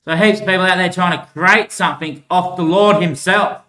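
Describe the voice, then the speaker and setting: A man's voice: sits high, fairly even intonation, normal speed, bright, forceful tone. A man talking in a long rambling monologue, laughing between thoughts. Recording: echoey room.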